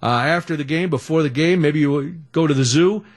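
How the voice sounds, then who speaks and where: Man, middle-aged, radio talk host, casual storytelling, animated, fairly high-pitched. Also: brisk. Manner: animated, chatty, self-deprecating storyteller.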